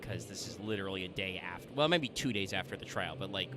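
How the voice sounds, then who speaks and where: A man's voice: deep voice, expressive, fast talker, noisy background. A man streaming a video game, chatting casually in a rambling, joking way with swearing. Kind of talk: casual let's-play chat.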